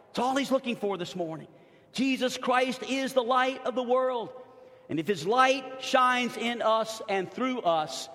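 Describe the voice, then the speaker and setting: A pastor from New Orleans preaching a sermon in a church, emphatic, swinging from loud to hushed. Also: male voice, extremely high pitch, expressive, moderate pace. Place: church sanctuary. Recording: long hall reverb.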